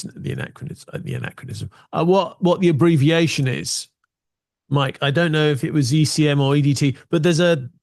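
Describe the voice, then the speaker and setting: A man in a casual chat, explaining video gear in a relaxed, self-mocking way. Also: medium pitch, gravelly, no room sound, clean studio sound.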